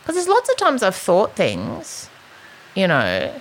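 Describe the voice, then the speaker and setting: A woman's voice: medium pitch, slow pace, a little hiss or hum. A middle-aged Australian woman co-hosting a casual chat, telling a story with animation and acting out what others said. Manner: animated storytelling, acts out quotes. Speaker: podcast co-host.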